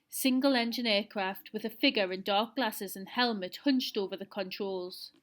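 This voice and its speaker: A woman teacher reading a novel aloud to her pupils and setting quiz questions. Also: fairly high pitch. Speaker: primary school teacher.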